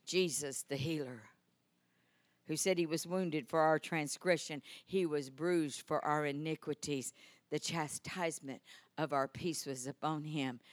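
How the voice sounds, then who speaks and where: Impassioned woman preacher, lowish voice. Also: no echo. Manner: impassioned, swings from loud proclamations to soft asides. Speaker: preacher and healing minister. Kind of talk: healing sermon. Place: church service.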